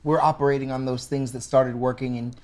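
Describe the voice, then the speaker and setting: A man's voice: mid-range voice, little pitch movement, brisk, a little mellow. A man co-hosting a casual podcast chat, eagerly jumping in and finishing the other host's thoughts. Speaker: podcast co-host.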